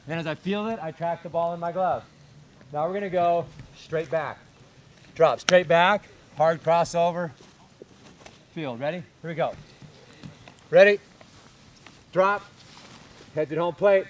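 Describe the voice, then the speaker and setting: A man coaching baseball infielders on a field, calling out short, energetic drill cues and explaining technique. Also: on the high side, unhurried, long pauses, slight background noise.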